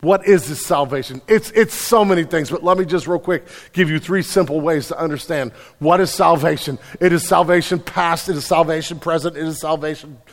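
A man's voice: a little high, a little fast, few pauses. A man preaching a sermon as pastor, conversational and emphatic, stumbling on repeated words. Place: church sanctuary. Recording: long reverb in a large hall.

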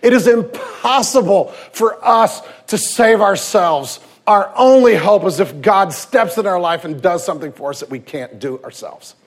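A man in his thirties, a pastor preaching a sermon with lively storytelling, swinging from loud emphasis to hushed tenderness. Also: sits high, a little slow, hardly any pauses. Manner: acts out quoted voices and anecdotes.

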